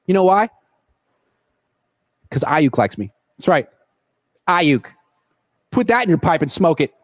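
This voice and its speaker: Host, male, fairly high voice, swings up and down a lot, jokey rambling livestream chat. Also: measured pace, no echo. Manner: joking, rambling, animated. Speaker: sports reporter and host. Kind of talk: casual livestream chat answering viewer questions. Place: at a football stadium. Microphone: laptop built-in camera mic.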